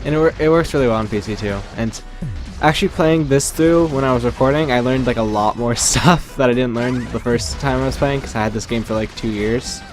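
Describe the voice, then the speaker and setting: A man's voice: mid-range voice, a little fast, soft background music. A man commenting on a game he is playing, explaining it in a rambling, casual way full of "like" and "um". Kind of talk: casual group chat.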